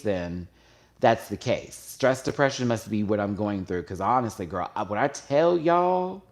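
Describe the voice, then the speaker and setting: Speaking to viewers in a low voice, a man who hosts a YouTube show makes an emotional confession. He hesitates and restarts, growing louder and higher in pitch when he's stirred, in this candid personal talk.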